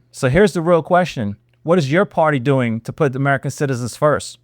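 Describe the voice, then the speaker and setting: A man hosting a political reaction show, talking in a sarcastic, animated way with many rhetorical questions. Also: a little high, a little fast, few pauses, dry recording, clean studio sound. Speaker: host.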